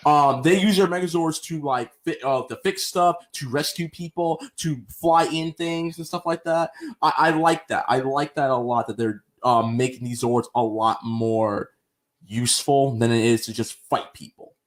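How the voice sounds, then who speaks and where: A man co-hosting a casual podcast, talking in an animated, slangy way and acting out lines with big jumps in pitch. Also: normal speed. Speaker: podcast co-host. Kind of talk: casual show review chat.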